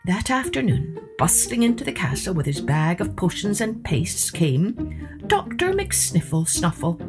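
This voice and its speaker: Woman storyteller, slow, lively read-aloud, picture book, soft instrumental music behind. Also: on the low side. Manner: expressive, rhythmic read-aloud.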